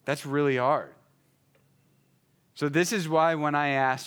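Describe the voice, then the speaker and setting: A man's voice: on the high side, steady tone, slow, a bit bright, clean tone. A pastor telling a story about his son in a conversational sermon, acting out the dialogue between them.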